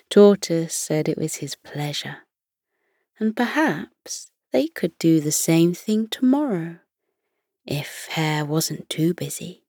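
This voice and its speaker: A woman narrating a soothing bedtime story in a soft, hushed voice that often slips into a whisper. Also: deep voice, breathy edge, no echo, clean studio sound.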